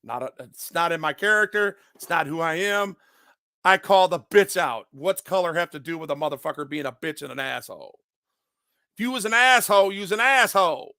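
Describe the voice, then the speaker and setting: A man's voice: a little high, expressive, a little fast, sharp tone, no room sound, clean studio sound. A man ranting in an unscripted monologue, agitated and profane, often repeating himself. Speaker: online commentator.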